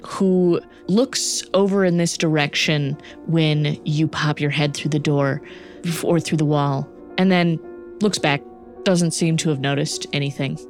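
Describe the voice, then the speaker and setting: A young woman narrating a tabletop game as game master, relaxed and hesitant. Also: sits low, a little slow, soft background music. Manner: relaxed, hesitant, many fillers.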